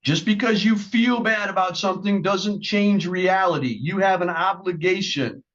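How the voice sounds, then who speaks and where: A man's voice: sits high, moderate pace, a bit bright, dull audio. Stern, firm male judge. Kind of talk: courtroom hearing.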